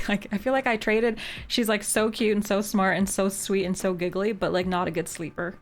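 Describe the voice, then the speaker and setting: A woman's voice: medium pitch, steady tone, normal speed. Giggly canadian-born woman streamer, mid-range voice, says "like" a lot, faint game music behind. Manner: chatty and giggly, saying "like" often. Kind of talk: casual chat with live viewers.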